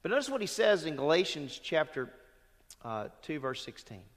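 A man's voice: very animated, moderate pace. Emphatic preaching man in a reverberant hall. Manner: emphatic preaching, rising loud on quoted verses, dropping low at phrase ends; calls out questions to the congregation. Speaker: pastor. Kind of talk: sermon. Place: church sanctuary.

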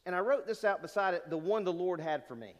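A man preaching a sermon, animated and full of rhetorical questions to the congregation. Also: sits high, fast talker, lo-fi sound. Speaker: pastor. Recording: long hall reverb.

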